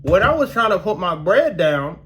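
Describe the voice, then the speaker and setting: A young man vlogging casually to his viewers about his dental work, slangy and animated, his mouth still sore. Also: sits high, normal speed. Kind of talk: casual storytelling vlog.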